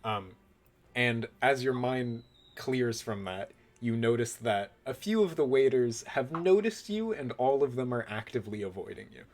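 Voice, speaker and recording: A young adult man narrating a tabletop game as game master, in a relaxed, rambling way. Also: medium pitch, normal speed.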